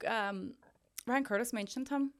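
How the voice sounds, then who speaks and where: A woman with a Derry accent, a podcast guest chatting and teasing in a relaxed way. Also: a little high, measured pace. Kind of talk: casual chat.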